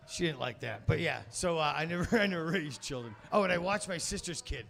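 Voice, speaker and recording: A man on a comedy club stage rambles through a crude story, cursing freely and cracking himself up. His voice sits a bit high for a man and carries a gravelly, fry-laden edge. He sounds like a newer comic working a handheld mic. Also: animated, brisk, hardly any pauses, fairly bright tone. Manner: rambling, profane, laughs at own jokes. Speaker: amateur stand-up comic. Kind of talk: stand-up storytelling.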